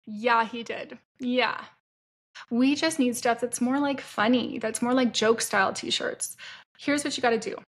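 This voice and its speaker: A woman's voice: a little high, unhurried. Frank, chatty middle-aged woman. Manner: frank, chatty, self-deprecating with bursts of laughter. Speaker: entrepreneur telling her story. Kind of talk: candid personal storytelling to camera.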